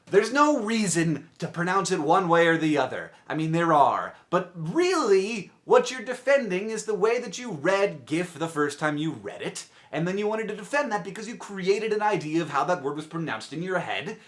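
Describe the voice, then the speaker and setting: A young man who has just woken up, giving a rambling, animated explanation to camera with self-interrupting asides. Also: sits high. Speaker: vlogger. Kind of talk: casual explainer talking to camera.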